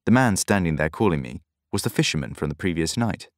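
A man reading a novel aloud in measured first-person narration. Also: low voice, lively intonation, dry recording, studio quality. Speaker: audiobook narrator.

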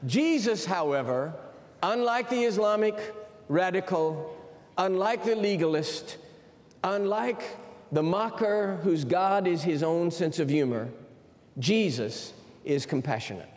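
Male preacher, high voice, emphatic storytelling, long hall reverb. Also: lively intonation, unhurried, darkish tone. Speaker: university president preaching. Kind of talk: sermon.

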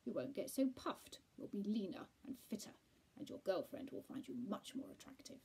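A woman voicing a clever, posh male Persian cat, brisk and firm, in a storybook reading. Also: mid-range voice, very animated, warm tone, slight background noise. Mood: firm advising.

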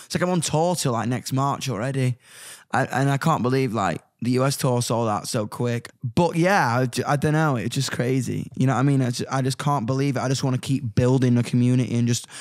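A young man talking as a guest musician in a casual chat, excitable and sweary, speaking in rushing bursts. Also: mid-range voice, no room sound, clean studio sound.

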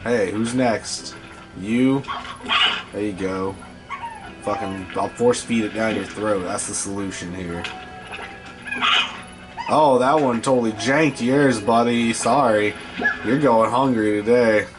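A man's voice: fairly low pitch, takes it slowly, long pauses, over loud music. A man giving profane, scolding commentary while playing a video game. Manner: foul-mouthed, scolding the game creatures. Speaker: gameplay host.

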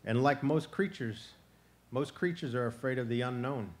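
A man voicing a clever, patient male box turtle who calmly talks others into his plans. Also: mid-range voice, moderate pace, natural voice. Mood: calm scheming. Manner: calm, persuasive, coaxing.

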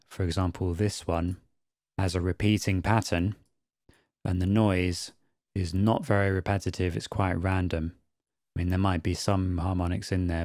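A man narrating an audio production tutorial in a calm, methodical way. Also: deep voice, no room sound, studio quality. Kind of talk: screen-recorded tutorial narration.

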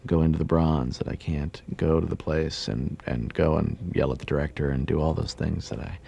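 A man chatting in a casual interview, wry and rambling with many pauses and fillers. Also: extremely low pitch, fairly even intonation, gravelly, mellow, breathy edge. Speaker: voice actor interviewed about a game.

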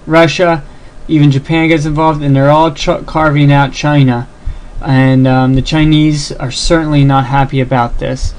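Male teacher, casual and filler-heavy, slightly higher voice, walks a class through slides. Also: darkish tone, poor audio. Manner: loose, filler-heavy, restarts often. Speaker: history teacher.

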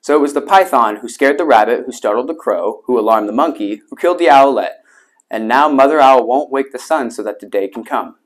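A man's voice: medium pitch, brisk, lightly acted, low-quality recording. King Lion, read by a man. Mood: solemn. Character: King Lion, male, regal and judging.

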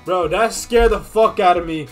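A man's voice: high voice, moderate pace, faint music behind. A young man streaming casual reaction commentary, swearing freely and laughing as he talks. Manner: profane, laughing, excitable.

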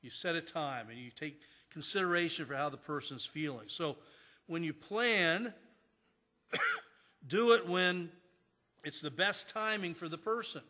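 A man preaches a sermon as pastor in a church sanctuary, recounting stories conversationally with repeated restarts. His voice is on the high side, bright and forceful, carried by long church hall reverb.

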